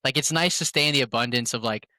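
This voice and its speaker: A man chatting casually on a podcast, telling animated stories about his phone sales calls in slangy talk, acting out both sides of each call. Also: medium pitch, quick pace, no room sound. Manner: animated storytelling, quotes his calls in voices; slangy, says "bro" often. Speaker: podcast guest. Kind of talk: casual chat.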